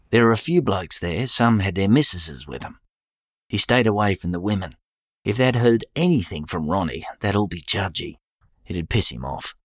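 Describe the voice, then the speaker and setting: A very low-pitched man with an Australian accent reading a story aloud in a plain, steady way. His delivery is relaxed and slangy, and the sound is dry and close, with no room around it. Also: no room sound. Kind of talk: audiobook narration.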